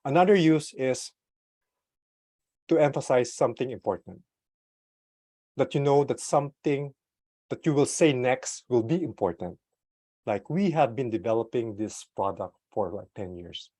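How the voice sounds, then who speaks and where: Over a desktop USB microphone with no echo, a man presents an online talk about product management. He keeps it casual with filler words and light laughter, varies his pitch and loudness widely, and deliberately pauses and slows.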